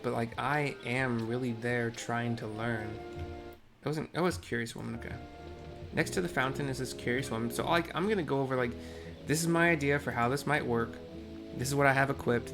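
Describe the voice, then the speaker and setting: A man giving casual, rambling commentary on a game he is playing, full of fillers. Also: medium pitch. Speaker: game streamer. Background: game music.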